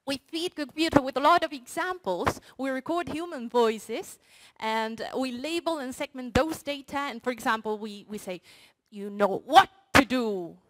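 Woman researcher, slightly high voice, playful, audience-facing short talk. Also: moderate pace, poor audio. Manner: playful, addresses the audience directly with games. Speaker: researcher presenting her project. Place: university hall before an audience.

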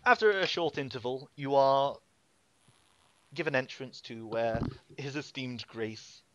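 A man's voice: mid-range voice, unhurried, dry recording, muffled recording. A man narrating as game master, rambling through scene descriptions. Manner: rambling, filler-heavy description.

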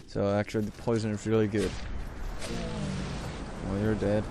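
A young man giving casual gameplay commentary who swears a lot and bursts out loudly at sudden mishaps. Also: fairly low pitch, completely flat delivery, normal speed, noisy background. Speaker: let's play host.

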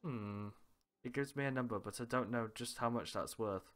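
A man's voice: mid-range voice, normal speed, fairly bright tone. A man reading aloud every character's lines of a visual novel, switching between characters with small laughs and asides. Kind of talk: reading game dialogue aloud with light character voices.

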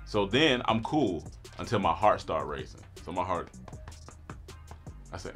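Animated man telling a funny story. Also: low-pitched, fast talker, soft background music. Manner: animated, acts out quotes, laughs often. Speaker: storyteller guest. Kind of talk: comedic storytelling.

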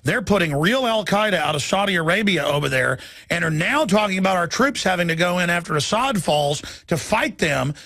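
A man hosting a talk radio show with a gravelly, husky, fairly high voice. He sounds urgent as he stacks topics with many fillers, recorded close and dry. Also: expressive, fairly quick, bright, forceful tone, dry recording.

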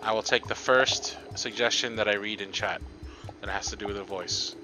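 A man's voice: on the low side, fairly even intonation, moderate pace, rough recording. A young man streaming a video game, chatting along in a goofy, playful way with silly riffs and honking noises. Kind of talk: live game commentary. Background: game music.

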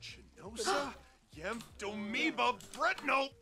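Grumpy video game characters mutter and groan in made-up gibberish, high-pitched with lively swoops and slow, drawn-out words. Game music plays clearly behind them. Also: female voice. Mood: grumbling. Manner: grumbling, disgruntled nonsense talk.

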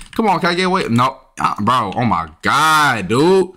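A young man comments on his own gameplay in a bright, animated voice that swoops up and down. He talks casually and keeps trash-talking, jumping into sudden yelps of frustration. Faint keyboard and mouse clicks sit behind him at a home desk mic. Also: medium pitch, moderate pace, a little hiss or hum. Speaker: gaming YouTuber.

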